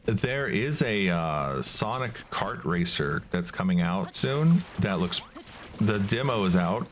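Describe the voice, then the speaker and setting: Relaxed male streamer, low voice, slow easy pace. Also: a little hiss or hum. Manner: relaxed, reads game dialogue aloud. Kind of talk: casual gameplay commentary.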